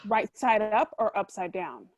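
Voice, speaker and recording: A woman's voice: medium pitch, lively intonation, unhurried, darkish tone, lo-fi sound. A woman hosting an interview on a video call, playfully teasing as she fires off questions. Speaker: host. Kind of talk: quick-fire interview questions.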